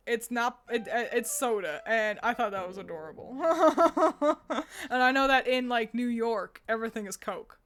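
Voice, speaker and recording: A young woman from the United States chats casually on her stream in a slightly high voice. She rambles, restarts her sentences and laughs often. Soft music plays faintly under her voice. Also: normal speed. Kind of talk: casual chat with chat readers.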